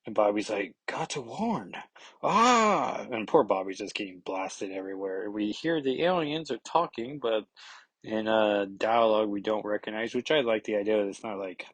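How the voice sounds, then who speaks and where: Man, low husky voice, casual comic recap, rambling with lots of fillers, dry close sound. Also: fairly even intonation, no room sound, rough recording. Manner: rambling, filler-heavy, acts out lines in quick voices. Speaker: podcast host.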